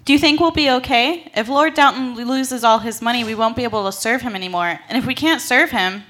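A woman's voice: fairly high pitch, a little fast, pushed and bright. A woman playing a scheming young maid, breezy and giggly, in a comedy audio skit.

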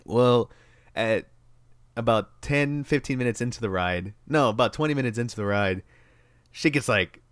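A young man casually retelling a story, rambling and swearing freely, with lively bursts as he acts out the moment. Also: medium pitch, moderate pace, no echo, clean studio sound.

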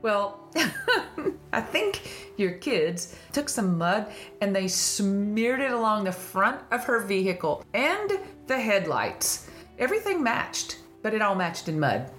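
A woman's voice: medium pitch, big pitch swings, slow pace, a bit bright, soft background music. A woman with a Southern country accent hosting a casual faith-based podcast, laughing often and telling stories with animation. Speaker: podcast host.

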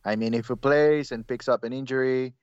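A man co-hosting a sports podcast in casual chat, with a mid-range voice. He talks in a measured way and often restarts his sentences. The recording is dull and lo-fi, with a dry, close sound. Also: mid-range voice, steady tone, darkish tone, smooth, no room sound. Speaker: podcast co-host.

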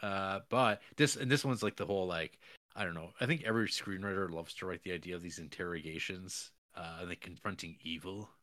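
A man's voice: sits low, fairly quick, bright, forceful tone, no room sound. A man co-hosting a podcast, chatting loosely about a TV show, swearing and searching for words. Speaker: podcast co-host. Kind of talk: casual chat about a TV show.

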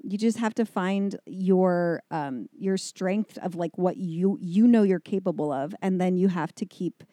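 A middle-aged woman chats about acting work, slipping into little acted-out quotes. Her voice is mellow and warm, and the recording is dry and close. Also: lowish voice, measured pace, no echo. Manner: chatty, animated storytelling with acted-out quotes. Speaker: actress guest. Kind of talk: casual chat.

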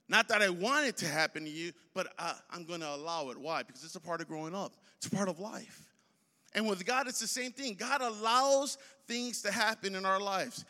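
A high, bright male voice preaching a sermon with rising, repeated emphasis. He sounds like a pastor in his forties. The sound carries a long reverb from a large church hall.

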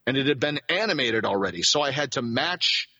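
A man who works as a voice actor, telling a rambling, animated story as a guest in a casual interview. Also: mid-range voice, brisk, no room sound, lo-fi sound.

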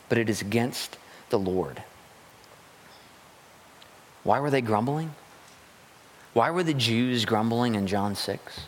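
A man preaching a sermon as a pastor, animated and acting out grumbling voices as he goes. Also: medium pitch, a little hiss or hum. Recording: long hall reverb.

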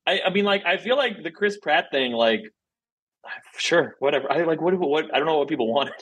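A man's voice: a little high, lively intonation, brisk, fairly bright tone, breathy edge, poor audio. A man co-hosting a podcast in casual chat, rambling and opinionated with many restarts. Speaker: podcast co-host.

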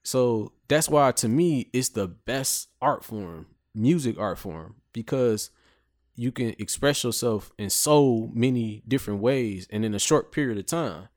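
A man's voice: medium pitch, expressive, a little slow, a little mellow, no room sound, studio quality. A man co-hosting a casual podcast chat, laid-back, often asking "you know what I'm saying.". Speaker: podcast co-host.

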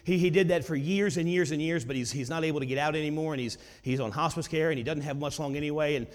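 High-voiced male preacher in echoing hall. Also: fast talker. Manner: conversational storytelling that builds to emphatic exclamations. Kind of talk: sermon storytelling. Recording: long hall reverb.

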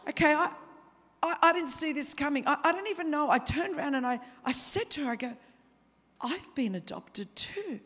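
An Australian woman in her fifties preaching a sermon, telling her own story with lively humorous asides. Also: high-pitched, fast talker. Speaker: guest preacher. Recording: reverberant hall.

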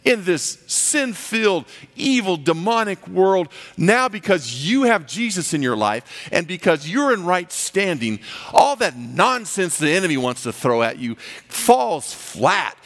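A man preaching a sermon as pastor, animated and acting out the voices he quotes. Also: high voice, measured pace, in a large hall.

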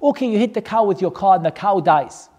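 Religious teacher, animated storyteller, mid-pitched, joking, lively rhetorical questions. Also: brisk. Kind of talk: storytelling lesson to a class.

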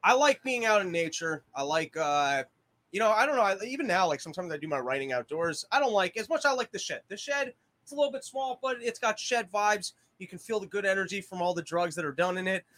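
A man's voice: high-pitched, lively intonation, fairly quick, a bit bright. A man hosting a casual podcast from a small shed studio, ranting and joking with lots of swearing. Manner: profane rambling comedic rants. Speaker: podcast host.

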